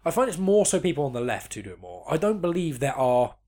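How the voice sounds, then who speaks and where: A man's voice: on the high side, sing-song, fast, mellow. A man in his twenties talking casually on a podcast, rambling with lots of restarts and swearing. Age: 20s. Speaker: podcast co-host. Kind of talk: casual chat.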